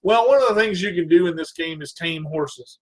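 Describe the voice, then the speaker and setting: High-voiced man hosting his radio show. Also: brisk. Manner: animated, rambling, breaks into goofy singing. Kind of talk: casual storytelling monologue.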